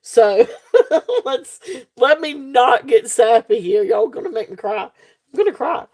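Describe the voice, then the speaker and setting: A woman's voice: fairly high pitch, slow pace, darkish tone. A woman hosting a casual live jewelry sale, chatty and laughing often, with many fillers and restarts. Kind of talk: casual live-stream sales chat.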